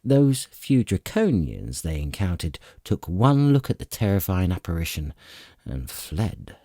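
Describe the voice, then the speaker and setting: Deep, husky male audiobook narrator. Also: unhurried, dry recording, studio quality. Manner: dramatic, expressive storytelling. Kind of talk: scripted fantasy narration.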